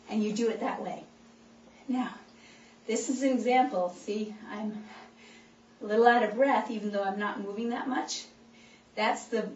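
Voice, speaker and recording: A woman's voice: medium pitch, darkish tone, a little hiss or hum. Chiropractor woman coaching from across an echoey room. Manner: coaching and cheering listeners on, demonstrating as she talks. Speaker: chiropractor giving a health talk. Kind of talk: animated instructional talk to a group. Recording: echoey room, voice picked up from a distance, dull sound.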